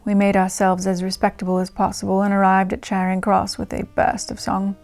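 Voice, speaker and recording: A woman voicing a young English art student from the 1920s, reading her diary aloud in a put-on English accent with her voice pitched lower. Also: completely flat delivery, brisk, creaky, darkish tone, natural voice. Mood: lively.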